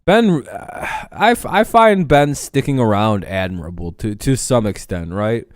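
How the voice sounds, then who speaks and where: Blunt, foul-mouthed man with a smooth voice. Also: on the low side, lively intonation, measured pace, no echo, studio quality. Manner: blunt, profane, rambling. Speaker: host. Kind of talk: casual sports talk stream.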